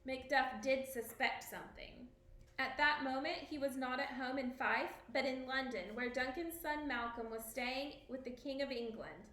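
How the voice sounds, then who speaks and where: A woman teacher reading a story aloud to a class, expressive, stopping to ask questions. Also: high voice, moderate pace, roomy sound.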